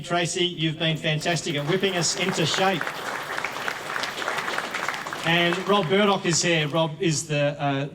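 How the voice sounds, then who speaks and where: A man with an Australian accent giving a grateful speech at a live event as a charity co-founder, trailing off softly with fillers. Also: a little high, a little hiss or hum. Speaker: charity co-founder thanking supporters. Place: event hall with an audience. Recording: distant mic in a crowded hall.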